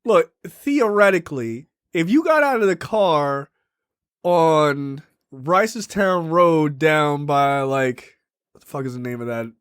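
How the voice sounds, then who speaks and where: A young man co-hosting a casual film review podcast, animated and quick to laugh as he acts out scenes. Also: on the high side, clean tone, dry recording, clean studio sound. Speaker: podcast co-host.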